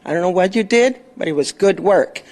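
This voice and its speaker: A woman's voice: lowish voice, lively intonation, fairly quick, a little mellow. A woman giving an impassioned public comment to a city council, scolding officials and praising others.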